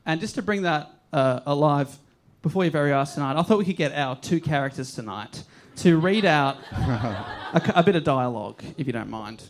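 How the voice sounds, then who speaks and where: A man's voice: fairly high pitch, normal speed, slight background noise. A man hosting a comedy podcast, retelling a play with frequent laughs. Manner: laughing often, lively retelling. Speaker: podcast host. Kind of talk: comedic storytelling chat.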